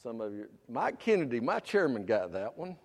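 A man, preaching a sermon with loud emphatic bursts and quieter asides. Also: medium pitch, big pitch swings, normal speed, breathy edge, big-room sound. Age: 50s. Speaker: pastor.

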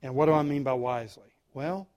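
A male pastor preaching a sermon, emphatic and dramatic, dropping to quiet asides between stressed points. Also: medium pitch, brisk.

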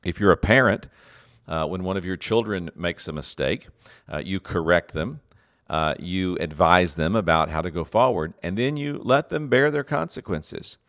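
Deep-voiced guy teaching leadership, earnest, lots of uh and restarts, acts out little phrases. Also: normal speed, a bit bright. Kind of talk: teaching talk.

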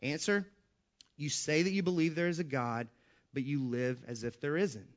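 A man's voice: on the high side, normal speed, dull audio. A man preaching a sermon to his congregation, quoting scripture and building emphasis on repeated lines. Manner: emphatic, rising in volume on repeated scripture quotes. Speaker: pastor.

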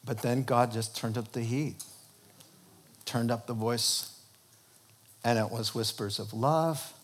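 A male preacher telling his conversion story in a sermon, animated and often laughing as he acts out conversations. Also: mid-range voice, slow pace.

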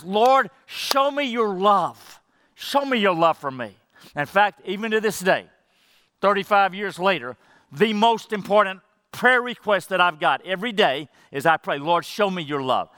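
A middle-aged man preaching a sermon as pastor, earnest, slowing down and dropping to near quiet for emphasis. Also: high-pitched, no echo. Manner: earnest, varied pacing with dramatic quiet drops.

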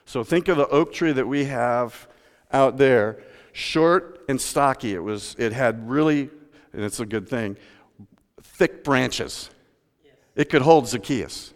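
Animated man preaching in a reverberant church. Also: medium pitch, slow. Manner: animated storytelling with rhetorical questions. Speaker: pastor. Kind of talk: sermon.

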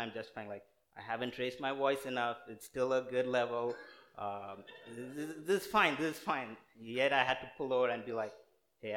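A man's voice: mid-range voice, a bit bright. A young man from India, preaching a casual, earnest sermon full of fillers and restarts. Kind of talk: conversational sermon.

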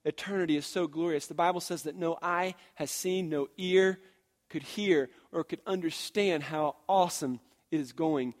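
A male pastor in his thirties delivering a sermon in a voice that sits high for a man. He moves between loud, emphatic passages and hushed, confiding storytelling, often restarting with "and, and". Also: moderate pace.

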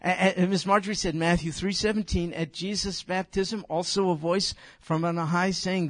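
A man's voice: sits high, steady tone, normal speed, few pauses, dry recording, clean studio sound. An older man leading an informal Bible study, emphatic and conversational, speaking directly to his listeners. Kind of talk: informal Bible teaching to a group.

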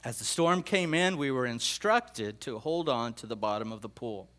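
A middle-aged pastor recounts prophetic dreams in a sermon, his medium-pitched, fairly bright voice moving at a moderate pace with lively intonation. He comes across as earnest and emotional, repeatedly restarting and echoing his own phrases.

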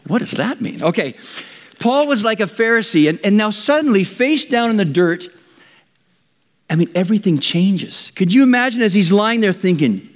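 A man preaching a sermon, telling a story with lively acted-out quotes. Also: high voice, normal speed, in a large hall. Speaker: pastor.

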